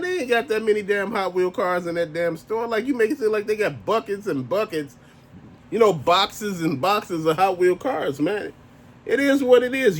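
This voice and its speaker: A married man ranting casually to camera as a toy collector vlogger, blunt, profane and exasperated. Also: high voice. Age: adult, married.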